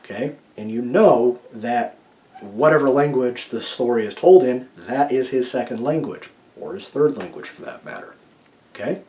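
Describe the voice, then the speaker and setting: This guy's writing advice is informal and full of opinions, delivered straight to the camera with repeated "okay?" check-ins and shifts from loud stresses to soft side comments. He has a medium pitch, an animated manner, and a normal speed.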